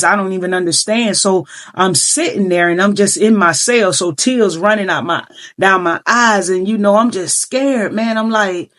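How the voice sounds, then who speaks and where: A woman's voice: medium pitch, fairly bright tone. A middle-aged woman earnestly recounting her own life story in a vlog, emotional and full of filler phrases. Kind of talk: personal storytelling.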